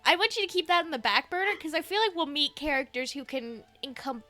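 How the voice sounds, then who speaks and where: A young woman chatting crudely and excitedly with a friend while playing a video game. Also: sits high, quick pace, soft background music. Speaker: game streamer. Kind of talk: casual let's-play chat with a friend.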